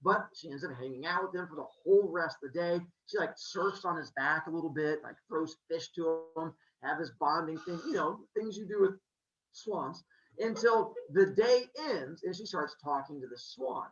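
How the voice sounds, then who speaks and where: A man hosting a podcast, telling a myth in a playful, animated way with jokey asides. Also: a little high, moderate pace. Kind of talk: comic storytelling. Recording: roomy, slightly muffled.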